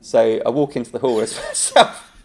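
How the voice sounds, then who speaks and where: A man who teaches improv, telling a long anecdote in a relaxed interview. His voice sits mid-range with a gravelly, fry-edged texture. He laughs often and jumps into quoted voices. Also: mid-range voice, normal speed, a little hiss or hum. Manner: animated storytelling, laughing often, acting out quotes. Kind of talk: casual anecdotal chat.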